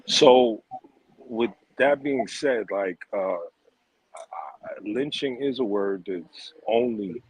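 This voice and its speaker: A man speaking as a guest on a panel discussion, halting, with many fillers. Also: medium pitch, slightly rough, dry recording, low-quality recording.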